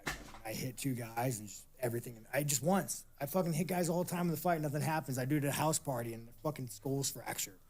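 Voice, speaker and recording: Man, mid-pitched voice, interview guest, loose and profane storyteller. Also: fast, hardly any pauses, a little mellow, slight background noise. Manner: heavy swearing, rambling with many restarts. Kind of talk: casual storytelling.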